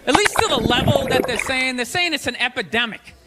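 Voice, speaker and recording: A man doing a stand-up comedy routine on a theater stage, ranting loudly and acting out voices of other people. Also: very high-pitched, brisk, very noisy. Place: theater stage before a live audience. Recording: live theater recording with crowd laughter.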